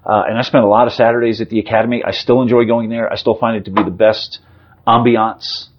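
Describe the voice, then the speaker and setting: A man's voice: fairly low pitch, level tone, muffled recording. A man in his fifties, a sportswriter guest, talking off the cuff with lots of fillers and restarts in a casual sports interview. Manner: rapid off-the-cuff talk with frequent fillers and restarts.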